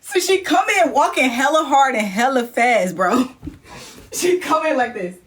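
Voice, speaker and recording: Animated high-voiced woman telling a story. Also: a little slow. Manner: profane, laughing, acts scenes out. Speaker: livestream host. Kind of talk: animated storytelling on a live stream.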